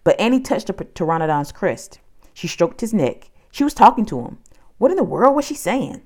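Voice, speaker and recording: A woman narrating a children's audiobook with an expressive storytelling delivery. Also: medium pitch, normal speed.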